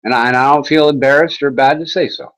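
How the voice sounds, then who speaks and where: A man's voice: mid-range voice, steady tone, quick pace, fairly bright tone, low-quality recording. A man hosting an internet talk show, chatting in a casual, rambling way with mocking sarcasm and swearing.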